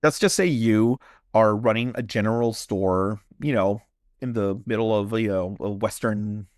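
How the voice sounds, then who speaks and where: A man's voice: lowish voice, a little slow, dry recording, clean studio sound. A man co-hosting a podcast, narrating a legend in dramatic, clipped lines and chatting casually. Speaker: podcast co-host. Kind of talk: storytelling and casual chat.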